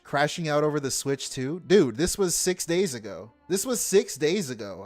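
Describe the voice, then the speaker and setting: A man's voice: medium pitch, animated, moderate pace, hardly any pauses, soft background music. A man hosting a stream who reacts to a video with sarcastic, incredulous commentary and frequent laughs.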